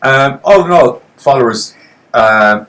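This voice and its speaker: A man's voice: medium pitch, lively intonation, takes it slowly, a bit bright. A man co-hosting a horror podcast in casual chat, joking and swearing as he rambles. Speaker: podcast co-host.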